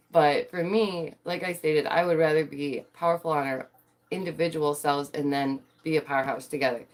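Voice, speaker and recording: Sassy, animated female streamer with a lowish voice, casual slangy commentary.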